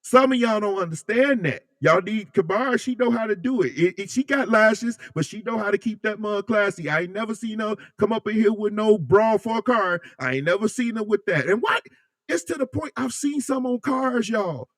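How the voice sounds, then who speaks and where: Animated, joking man hosting a livestream. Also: high-pitched, brisk, hardly any pauses, no echo, clean studio sound. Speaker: livestream host. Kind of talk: casual live chat reading comments.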